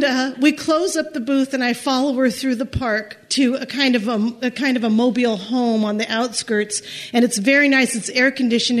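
A woman with a high voice tells a story from her own life. She talks haltingly, often repeating small words, and laughs lightly as she goes. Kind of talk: personal storytelling.

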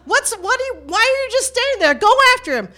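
A woman voicing an angry older drunk man who shouts indignantly at police officers. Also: very high voice, sing-song, fast, pitched above the performer's own voice, full character voice. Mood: indignant yelling.

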